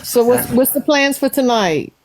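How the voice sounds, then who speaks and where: Chatty Cajun woman, higher voice. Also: animated, moderate pace, noisy background. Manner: chatty, asks viewers questions. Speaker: livestream host. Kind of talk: casual livestream chat.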